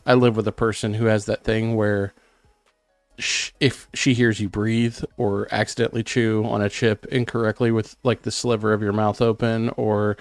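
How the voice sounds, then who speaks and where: A middle-aged man, a bit sick, co-hosting a casual podcast and talking about himself in self-conscious, animated bursts. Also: lowish voice, no echo. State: sick, clearing throat. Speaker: podcast co-host. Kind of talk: casual chat.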